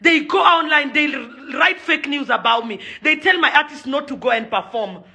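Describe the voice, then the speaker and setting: A young Kenyan woman speaking in a fairly high, bright, tense voice. She rants angrily and with heavy emphasis, hammering the same points again and again. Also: expressive, moderate pace, gravelly. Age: young adult. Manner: furious, emphatic, repeats her points. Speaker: socialite and event organizer. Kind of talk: angry video rant.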